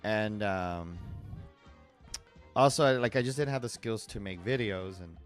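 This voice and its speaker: Rambling, low-voiced man chatting. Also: measured pace, faint music behind. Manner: rambling and digressive, laughs often. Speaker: live-stream artist. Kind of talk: casual chat while drawing.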